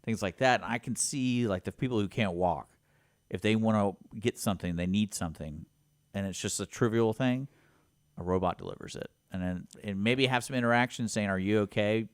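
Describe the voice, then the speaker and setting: A man with a fairly low voice co-hosts a talk radio show, speaking in a rambling, easygoing way. He often restarts his sentences and fills them with "I mean" and "like." The recording is dry and close. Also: a little fast, dry recording. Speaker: co-host. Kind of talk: casual radio chat.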